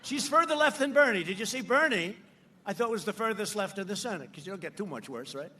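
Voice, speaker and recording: A man speaking at an outdoor rally through a podium microphone, his voice pitched high and sharp. He mocks and repeats himself and punches lines out over the crowd, with a faint murmur of ambience behind him. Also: expressive, fast talker, a little hiss or hum. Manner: boastful, mocking, repetitive, shouting over a crowd. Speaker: politician addressing a rally crowd. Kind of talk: campaign rally speech.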